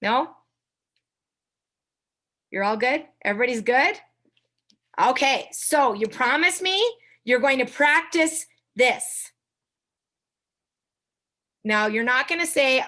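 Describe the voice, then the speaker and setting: A young woman giving a chatty coaching talk to a sales team, with quick asides to her listeners. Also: high voice, animated, fairly bright tone. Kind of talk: casual training talk on a video call.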